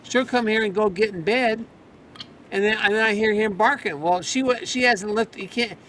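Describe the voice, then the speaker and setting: A man's voice: high-pitched, normal speed, sharp tone, a little hiss or hum. A man in a casual chat with friends, rambling through stories about his dogs and mimicking them as he goes. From rural farm background.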